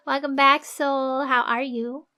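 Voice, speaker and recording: A high-pitched woman talking casually to her stream chat, quick to laugh and prone to rambling as she works. Her tone stays easygoing and chatty, and soft music plays faintly behind her. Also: flat delivery. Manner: chatty, giggly, thinks aloud while drawing. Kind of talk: casual livestream chat with viewers.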